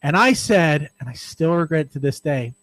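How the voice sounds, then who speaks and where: Male radio co-host, forties, rambling self-deprecating storyteller, slightly high voice, dry sound. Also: animated, normal speed, fairly bright tone, no room sound, poor audio. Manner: rambling, self-deprecating, frequent "all right". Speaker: podcast co-host. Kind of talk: casual radio show storytelling.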